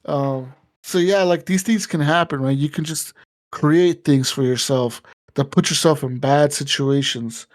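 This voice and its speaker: Young guy on a gaming podcast, cussing a lot, acts out the game lines, voice sits a bit high. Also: unhurried. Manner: animated, profane storytelling, acts out game dialogue. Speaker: podcast co-host. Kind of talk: casual gaming chat.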